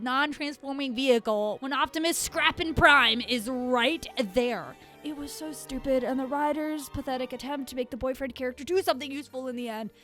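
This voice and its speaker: High-voiced sarcastic woman reviewing films. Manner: sarcastic, exasperated, animated. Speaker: movie reviewer. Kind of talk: casual film review commentary. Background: lo-fi beats.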